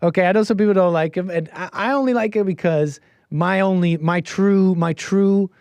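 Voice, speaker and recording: Male streamer, casual rambling commentary, slightly high but mellow voice, dry close mic. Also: moderate pace, no echo. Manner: rambling and self-correcting, drifting between quiet asides and louder bursts. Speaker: livestream host.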